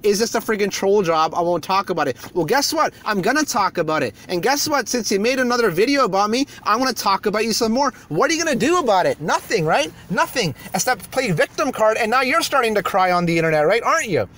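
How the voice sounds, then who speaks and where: A man's voice: sits high, very animated, fast talker, few pauses, fairly bright tone. A man on his YouTube channel, ranting heatedly and hurling insults from a parked car. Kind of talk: angry rant video.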